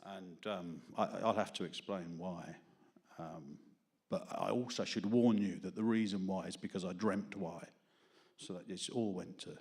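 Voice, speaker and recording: His voice is deep and unhurried, darkish in tone with a breathy edge. A Londoner at an open mic, he performs self-deprecating, wandering stand-up and poems for a small studio audience, laughing along at his own jokes.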